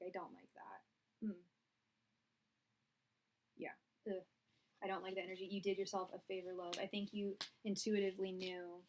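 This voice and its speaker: A young woman doing a live-stream tarot reading, chatty and blunt, talking straight to her viewers. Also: lowish voice. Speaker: tarot reader.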